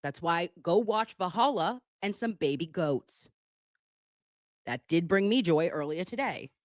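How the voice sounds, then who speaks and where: Woman, live-stream host, chatty, joking, low pitch, lively delivery. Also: a little slow, no echo, clean studio sound. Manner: chatty, joking, reads viewer messages aloud. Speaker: livestream commentator. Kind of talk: casual live-stream commentary. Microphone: webcam.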